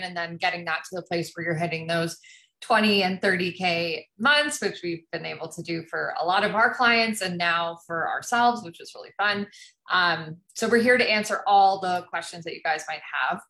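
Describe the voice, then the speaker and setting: A woman's voice: lowish voice, sharp tone, rough recording. A woman co-hosting a business coaching livestream over a video call, chatting in an upbeat, friendly way. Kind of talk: casual livestream chat.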